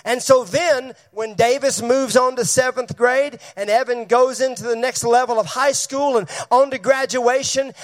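A man preaching a sermon as pastor to his church, calling on members by name and asking them questions. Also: very high voice.

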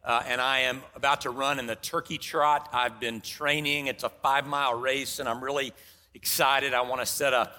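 A man preaching a sermon as pastor, telling a story in an animated way and acting out the dialogue. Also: mid-range voice, normal speed. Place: large church sanctuary. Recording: long hall reverb.

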